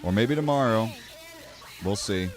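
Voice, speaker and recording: A man's voice: lowish voice, lively intonation, unhurried. A man streaming, chatting casually in a rambling, emotional way and swearing now and then. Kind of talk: casual livestream chat.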